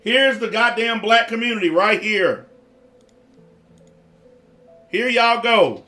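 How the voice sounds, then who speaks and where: A man's voice: high-pitched, slow, bright, forceful tone, soft background music. A man giving blunt, profane reaction commentary in a repetitive rant.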